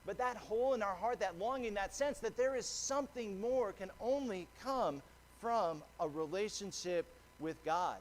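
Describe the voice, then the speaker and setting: A man's voice: sits high, lively intonation, moderate pace, a little hiss or hum. A man preaching a sermon as pastor, earnest and conversational, often restarting a phrase. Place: church sanctuary.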